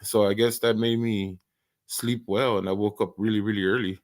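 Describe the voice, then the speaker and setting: A man with a lowish, flat voice hosts an early-morning live stream at a moderate pace. He chats casually, rambles and stammers through many restarts, and laughs often.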